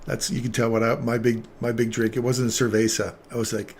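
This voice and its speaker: A man's voice: mid-range voice, flat delivery, brisk, gravelly, hardly any pauses, a little mellow, a little hiss or hum. A man hosting a live trading stream, chatting casually and joking with viewers by name.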